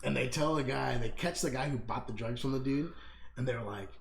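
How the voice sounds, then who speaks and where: A man's voice: medium pitch, a little fast, creaky. A man co-hosting a podcast in casual chat, bantering with lots of swearing and laughter. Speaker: podcast co-host. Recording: roomy echo with faint noise.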